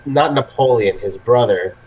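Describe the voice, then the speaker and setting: A man hosts a casual live stream, swearing freely and laughing his way through anecdotes. His voice sits at an ordinary middle pitch. The audio is muffled and lo-fi, with the clear top end rolled off. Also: measured pace, a little hiss or hum. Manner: laughing storyteller who swears constantly. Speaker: host of a live vaping show.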